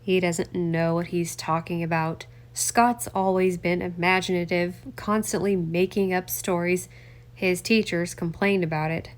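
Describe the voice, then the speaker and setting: A woman's voice: little pitch movement, unhurried, natural voice. A woman doing a slick male politician. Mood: defensive. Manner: courteous, then low and threatening. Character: smooth middle-aged male politician turning menacing.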